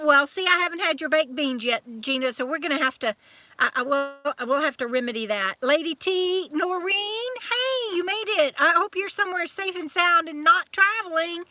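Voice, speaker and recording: Woman, Southern accent, high bright voice, dry close sound, live-stream chat, rambling and friendly greetings. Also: no echo. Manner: chatty, scattered, greets viewers one by one. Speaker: YouTube channel host.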